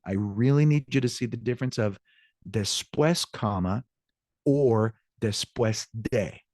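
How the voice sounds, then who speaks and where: A man's voice: fairly low pitch, a little mellow, no room sound, studio quality. A man teaching a Spanish lesson, explaining grammar patiently and often checking in with his students. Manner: answers student questions aloud. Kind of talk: recorded online class lecture.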